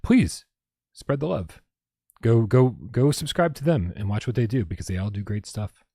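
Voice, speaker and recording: A man's voice: medium pitch, animated, normal speed, dark tone, slightly rough, dry recording, studio quality. A man hosting a casual gaming livestream, reading viewer comments, laughing and swearing freely and often stumbling over his words. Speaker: podcast host.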